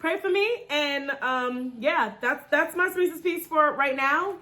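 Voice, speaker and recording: Chatty, joking woman in her thirties. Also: measured pace. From New York. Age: 30s. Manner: chatty and joking, lively swings in pitch. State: nervous before a dental procedure. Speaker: vlogger. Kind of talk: casual vlog talk to camera.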